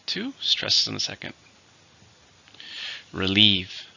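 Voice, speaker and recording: A man teaching English vocabulary in a scripted lesson, saying each word slowly and clearly and then repeating it. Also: on the low side, lively intonation, pushed and bright. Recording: dull lo-fi recording.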